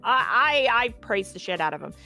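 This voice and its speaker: A woman's voice: fairly high pitch, very animated, normal speed, sharp tone, soft background music. A woman guest in an interview, telling a personal story in a casual, candid and profane way.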